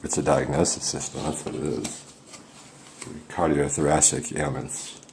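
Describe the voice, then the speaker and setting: Man, very low voice, comic ghost-hunt host, rambling fake panic, echoey room with noise. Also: flat delivery, moderate pace, gravelly, a little mellow. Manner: rambling, feigning panic and awe. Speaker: host of a mock paranormal investigation. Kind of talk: comic mock-serious ghost hunting.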